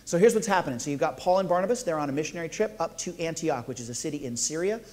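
A man's voice: a little high, animated, rapid-fire, a little mellow. A man preaching a sermon, playful and jokey, talking directly to the congregation. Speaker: pastor.

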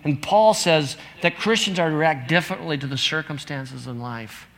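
A man's voice: on the high side, moderate pace, a bit bright. A pastor in his fifties gives an earnest, conversational sermon, reading out scripture as he goes.

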